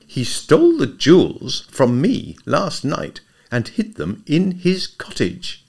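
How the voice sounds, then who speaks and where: A man voicing a brisk, impatient young woman who speaks firmly. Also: medium pitch, wildly swooping pitch, pitched above the performer's own voice. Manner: impatient, firm.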